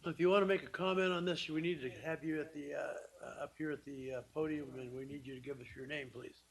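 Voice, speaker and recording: A man chairing a council meeting with a slightly high voice. He moves through the procedure briskly, and the recording carries clear background noise. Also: fairly even intonation, poor audio.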